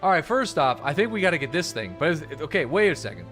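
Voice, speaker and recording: A young man streaming a game, chatting casually, swearing freely and getting loudly excited at new finds. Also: fast, faint music behind. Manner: excitable, swears a lot, jumps up high when surprised. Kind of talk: casual gaming livestream chat.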